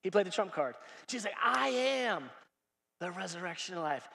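A man preaching a lively sermon, acting out dialogue and rising to shouts. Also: high voice, moderate pace, vocal fry, in a large hall. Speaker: pastor. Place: large church hall.

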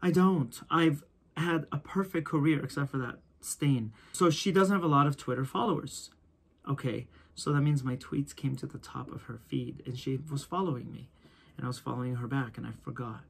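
Guy vlogging about his photo career, kinda husky, mid-pitch, animated storyteller. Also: normal speed. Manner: animated, acts out quoted voices. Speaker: photographer and video host. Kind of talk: casual storytelling to camera.

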